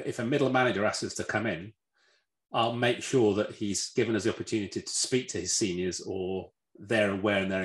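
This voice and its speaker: A man, a red team leader, answering a question with animated stories and restarts. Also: on the low side. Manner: animated, repeats words when starting, acts out voices. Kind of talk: storytelling answer in a talk. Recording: roomy echo.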